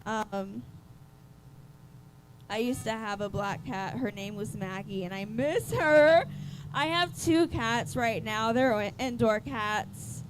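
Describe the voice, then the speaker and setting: Woman comic, slow hesitant rambling delivery, slightly high voice, faint hum behind. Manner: rambling, hesitant, with many fillers. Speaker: stand-up comedian. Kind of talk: stand-up set. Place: comedy club stage.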